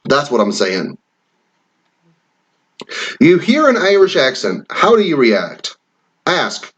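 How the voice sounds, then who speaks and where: Reading online quiz questions aloud, a vlogger from Wisconsin riffs on them in a loose, rambling way, with the odd swear. His medium-pitched voice swings hugely in pitch, goes slowly with long pauses, and sounds fairly bright with a breathy edge, all in lo-fi audio.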